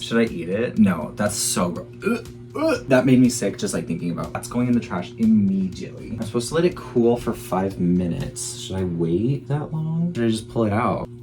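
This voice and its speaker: A man in his twenties chatting casually in a vlog while baking at home, chatty and self-mocking, swearing freely. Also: mid-range voice. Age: 20s. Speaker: YouTuber.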